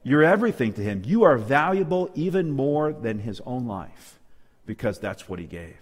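A man's voice: medium pitch, very animated, normal speed, big-room sound. A man preaching a sermon to a church audience, emphatic and calling out for amens. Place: church hall with a live and online audience.

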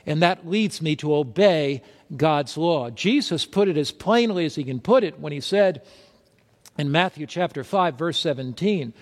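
A man preaching a sermon, reading scripture aloud and posing rhetorical questions to his listeners. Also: fairly high pitch. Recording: long hall reverb.

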